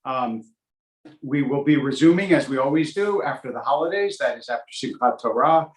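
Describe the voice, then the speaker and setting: A man, a rabbi, giving an informal Torah class in a relaxed teaching manner, with many ums and uhs and dry joking asides. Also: mid-range voice, moderate pace. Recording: roomy echo.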